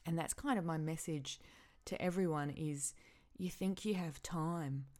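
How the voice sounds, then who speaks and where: A woman hosting her own podcast, speaking haltingly and with feeling as she grieves, often stopping and repeating herself. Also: sits low, a little mellow. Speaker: podcast host. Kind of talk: personal podcast monologue.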